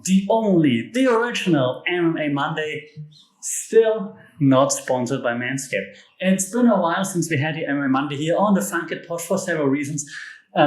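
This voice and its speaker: A man from Europe hosting a solo podcast, talking casually with enthusiasm, emphatic jokey asides and restarts. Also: fairly high pitch. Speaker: podcast host. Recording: echoey room.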